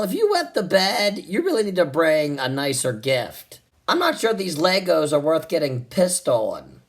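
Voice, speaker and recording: A man doing a stand-up routine, animated and exasperated, with crude punchlines. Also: mid-range voice. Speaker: stand-up comedian.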